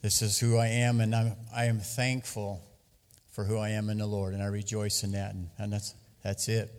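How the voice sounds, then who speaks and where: A man preaching a sermon to a church congregation, lively and loud at times. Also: on the low side, moderate pace, in a large hall. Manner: lively, loud bursts, sings and laughs at times. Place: church hall. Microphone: handheld mic.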